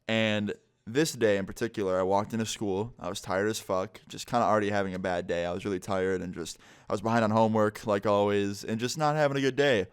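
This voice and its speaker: Young male vlogger, slightly low voice, loose and profane storytelling. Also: smooth. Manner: casual, profane, rambling. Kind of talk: casual storytime.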